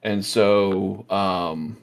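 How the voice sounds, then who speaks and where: Podcast host, male, lowish voice, eager scene-by-scene recap, chatty and loose. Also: extremely slow, vocal fry. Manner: excited retelling, lots of fillers, acts out quotes. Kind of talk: casual movie review chat.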